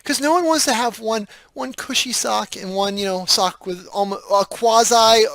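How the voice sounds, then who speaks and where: A man's voice: high-pitched, normal speed, fairly bright tone, no room sound. A man co-hosting a tech podcast, easygoing and teasing in casual chat. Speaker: podcast co-host.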